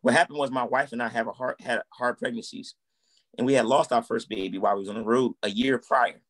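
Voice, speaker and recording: A man's voice: medium pitch, fast. A man in his thirties telling his story in a casual interview, acting out quoted dialogue. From United States. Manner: animated, acts out quoted dialogue. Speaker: guest, musician and minister.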